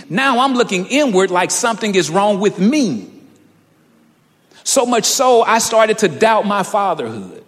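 A man's voice: sits high, sing-song, measured pace, a bit bright, in a large hall. A man in his thirties preaching a sermon, telling a personal story and building to fervent emphasis. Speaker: pastor.

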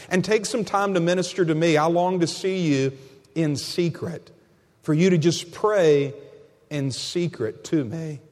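A man's voice: sits high, darkish tone, in a large hall. A man preaching a sermon as pastor, emphatic and repeating key phrases, often calling his listeners friend.

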